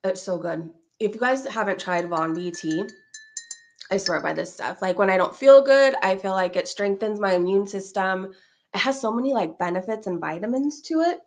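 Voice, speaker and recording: A woman's voice: mid-range voice, moderate pace. A woman hosting a casual livestream, chatting to her viewers and laughing often. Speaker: livestream host.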